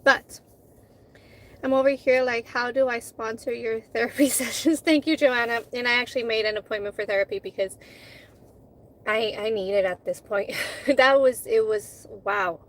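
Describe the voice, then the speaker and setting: A woman's voice: a little high, moderate pace, rough recording. A woman vlogger in casual chat with her live viewers, candid, swearing freely and acting out conversations as she tells them.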